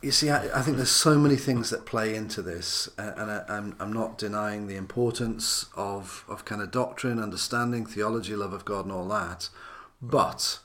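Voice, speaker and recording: A man's voice: lowish voice, moderate pace, hardly any pauses, fairly bright tone. A man speaking as a minister and interview guest, earnest and thoughtful, often restarting phrases as he thinks. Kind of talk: reflective podcast interview.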